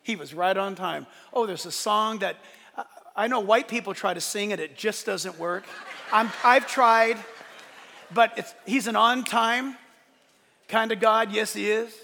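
A male pastor preaching a sermon, animated, acting out quoted voices along the way. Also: high voice, unhurried, gravelly, long reverb tail.

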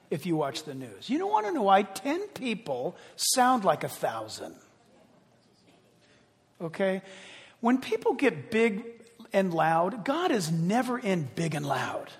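Pastor, male, high-pitched, animated conversational sermon delivery, echoing hall. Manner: animated, conversational preaching with restarts and acted-out quotes.

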